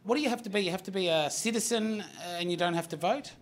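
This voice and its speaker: A man hosting a live comedy show, animated and full of swearing. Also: high voice, quick pace, reverberant. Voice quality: profane, animated. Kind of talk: live comedy panel banter. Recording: audience laughter throughout. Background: live audience laughter.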